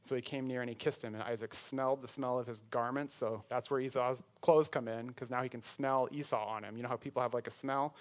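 A man's voice: medium pitch, steady tone, a little fast, hardly any pauses. Man preaching a casual, joking sermon. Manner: conversational, jokey asides with laughs. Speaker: pastor.

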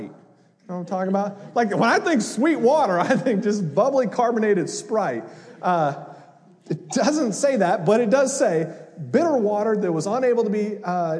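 A man preaching a sermon, animated and conversational, acting out voices with humor. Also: high voice, big-room sound. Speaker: pastor.

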